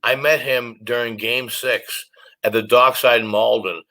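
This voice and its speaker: A man who is a comedian guest on a podcast, jumping in excitably with questions and stories. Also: mid-range voice, measured pace. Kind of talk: casual chat.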